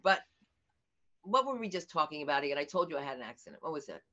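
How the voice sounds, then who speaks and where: Bright, lively older woman comic. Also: sits low, fast talker. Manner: animated storyteller, acts out quoted voices. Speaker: comedian guest. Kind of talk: casual interview chat. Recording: dull lo-fi audio.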